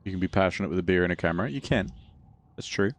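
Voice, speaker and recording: In casual let's-play commentary, a man streams a video game, chatting and musing aloud in a low voice at a very fast pace. When something surprises him, his voice jumps up.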